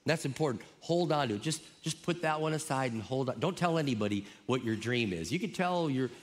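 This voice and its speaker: A man preaching a sermon as a pastor, telling stories with lively quoted voices. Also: mid-range voice, fairly quick. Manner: animated storytelling, acting out quoted voices. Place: church auditorium. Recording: reverberant church hall.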